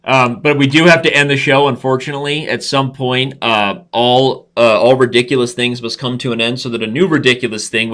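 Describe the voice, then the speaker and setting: A man's voice: mid-range voice, bright, forceful tone. A young man hosting a live chess stream, rambling, joking and breaking into song. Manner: goofy, rambling, breaks into singing. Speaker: host.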